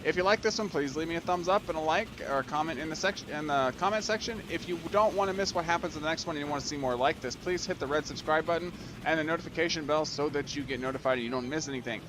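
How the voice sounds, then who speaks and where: A man hosting a let's play video, giving excitable gameplay commentary, gushing and laughing often. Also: fairly high pitch, fast, background noise.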